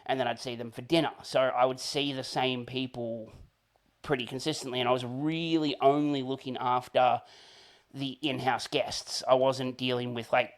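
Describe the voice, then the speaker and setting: An Australian man telling a loose, rambling story as an interview guest, full of fillers and little laughs. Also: medium pitch.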